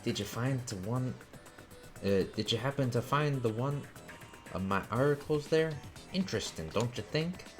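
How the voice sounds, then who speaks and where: A man voicing a male bug creature from a game with a drawling, gruff country way of talking. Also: mid-range voice, lively intonation, normal speed, faint music behind, pitched above the performer's own voice, natural voice. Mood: sly. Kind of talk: reading game dialogue aloud.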